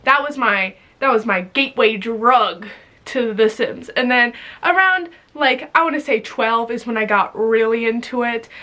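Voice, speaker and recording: A woman's voice: fairly high pitch, unhurried, sharp tone. A young woman vlogging in a rambling, giggly casual chat, full of fillers.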